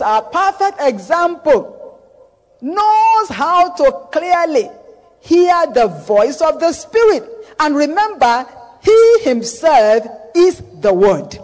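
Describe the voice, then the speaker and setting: A man preaching in a very high voice with a lively, swooping melody. He speaks slowly and deliberately, repeating key phrases for emphasis and declaring blessings over his listeners. A long church-hall reverb trails his words. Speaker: pastor. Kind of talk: sermon.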